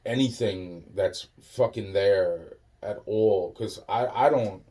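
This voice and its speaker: A man's voice: fairly low pitch, slow, dark tone, distant mic. A man in a rambling, profane monologue, restarting his sentences again and again.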